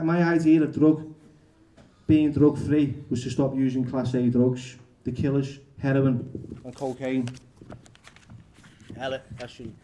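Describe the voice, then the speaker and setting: A male author reading his memoir aloud at a bookshop event, halting and correcting himself as he goes. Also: fairly high pitch, dark tone. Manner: halting, restarts and self-corrections.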